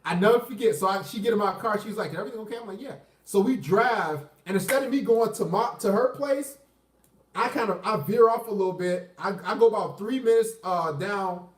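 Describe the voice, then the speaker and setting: High-voiced man telling a crude story. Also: fairly quick, echoey room, recorded from a distance. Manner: profane, boastful, rambling with many restarts. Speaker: vlogger telling a personal story. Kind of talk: casual storytelling.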